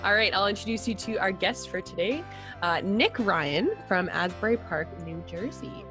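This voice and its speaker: A woman's voice: mid-range voice, expressive, moderate pace, over music. A woman with an Albertan Canadian accent hosting a casual chat over a video call, laughing often. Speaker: podcast host and musician.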